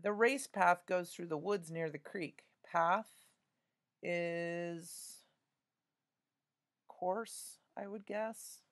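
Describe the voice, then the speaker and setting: A woman's voice: lowish voice, drawn-out words, long pauses. A woman teaching a spelling lesson, patiently spelling words out letter by letter and talking through each answer aloud.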